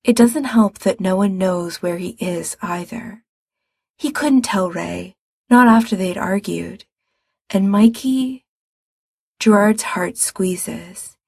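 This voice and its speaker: A woman reads a story aloud at an unhurried pace, in a soft, measured way. Her voice is breathy and slightly husky, and the sound is close and dry with no room around it. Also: mid-range voice, no room sound. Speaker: narrator. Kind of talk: storybook narration.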